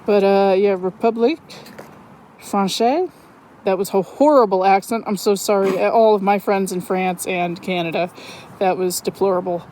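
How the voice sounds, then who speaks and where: A woman narrating her metal detecting finds outdoors on a wooded property in a chatty, excitable way, often correcting herself. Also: medium pitch, moderate pace, a little hiss or hum, rough recording. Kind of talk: casual outdoor vlog narration.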